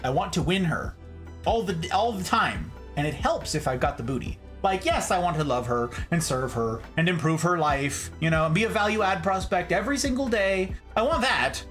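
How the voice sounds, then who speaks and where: A man from Nevada chatting casually on a livestream as he reads his chat, joking and swinging between high and low voices. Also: animated, moderate pace, a bit bright, faint music behind. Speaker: streamer reading chat.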